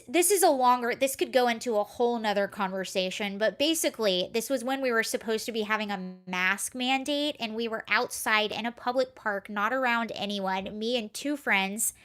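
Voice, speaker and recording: A woman with a high voice talks casually on her live stream. She rambles through a story, breaks off to answer comments, and speaks into a computer mic at home. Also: sharp tone. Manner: chatty, rambling, reads chat aloud. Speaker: livestream host.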